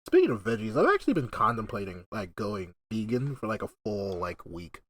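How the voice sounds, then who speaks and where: Man, podcast host, casual chat, swears a lot, laughs often, lively swooping pitch. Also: brisk, breathy edge. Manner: profane, excitable, laughs often. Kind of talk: casual gaming-friends chat.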